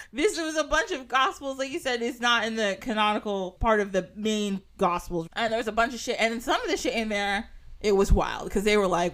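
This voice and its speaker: Chatty, high-voiced woman podcast host. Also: brisk. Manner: laughs often, swears casually, animated storytelling. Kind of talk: casual chat.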